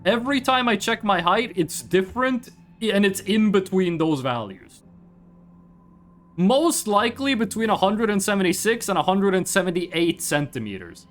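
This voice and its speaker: High-pitched, lively young man streamer. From Scandinavia. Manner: joking, teasing banter with chat; animated, quick swings in pitch. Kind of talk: casual gaming stream chat.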